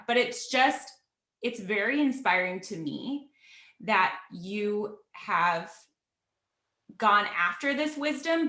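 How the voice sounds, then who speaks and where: A woman's voice: fairly high pitch, bright, forceful tone. A woman hosting an interview, effusive and full of praise, often restarting her sentences. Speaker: host. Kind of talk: interview conversation. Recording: roomy echo.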